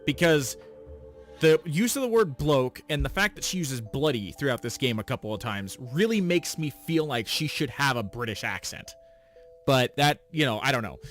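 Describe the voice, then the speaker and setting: A man reads a fan-made visual novel aloud and breaks off for chatty, self-deprecating commentary. His voice sits at an ordinary male pitch. Faint game music plays underneath. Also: fairly bright tone. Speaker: let's play host.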